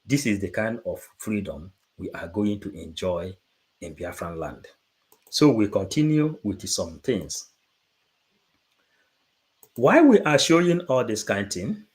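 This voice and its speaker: Man, slow deliberate delivery, halting repeats, emphatic bursts. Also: on the low side, very animated, a little mellow. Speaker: livestream presenter. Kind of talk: unscripted livestream talk.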